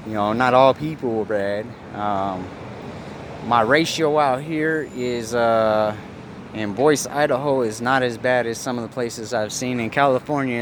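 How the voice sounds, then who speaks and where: Guy rambling through stories outside, swears a lot, fixes himself mid sentence, faint traffic behind. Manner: rambling, self-correcting, swears freely; acts out other people's lines in a higher voice. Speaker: vlogger. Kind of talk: casual storytelling.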